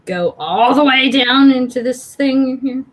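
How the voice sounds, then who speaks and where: A tipsy woman with an Irish accent cohosting a casual livestream chat, giggly and halting, often breaking off mid-sentence. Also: high voice, low-quality recording. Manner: giggly, halting, self-interrupting.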